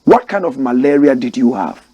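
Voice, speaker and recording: A man's voice: mid-range voice, expressive, moderate pace, highs cut off. A man voicing a curious foreign woman doctor who asks polite, surprised questions.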